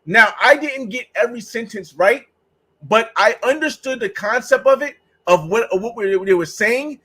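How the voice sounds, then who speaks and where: A man's voice: very high-pitched, lively intonation, normal speed, sharp tone, low-quality recording. A man hosting a travel vlog, chatting casually and rambling through stories with acted-out exchanges. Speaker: travel vlogger host. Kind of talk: casual livestream chat.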